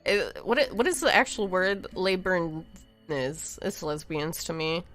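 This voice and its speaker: A woman's voice: mid-range voice, expressive, normal speed, fairly bright tone, soft background music. A woman live-streaming a game, chatting and giggling with viewers as she reads the game's lines aloud. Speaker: streamer playing a visual novel.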